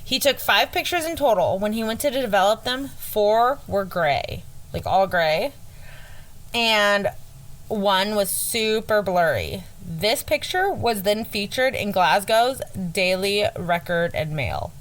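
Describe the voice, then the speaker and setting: A woman co-hosting a podcast who tells a story casually from her notes, chatty and quick to correct herself and laugh it off. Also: medium pitch, animated, fairly bright tone, rough recording. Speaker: podcast co-host.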